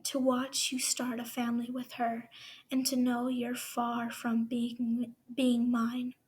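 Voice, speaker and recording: A woman reading aloud a farewell letter from a heartbroken young man, softly and half whispered. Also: on the high side, monotone, takes it slowly, husky. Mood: sorrowful.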